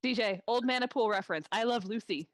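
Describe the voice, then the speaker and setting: A woman's voice: fairly high pitch, fast, dry recording. A woman co-hosting a podcast, calling out prompts for voices in casual chat. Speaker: podcast co-host.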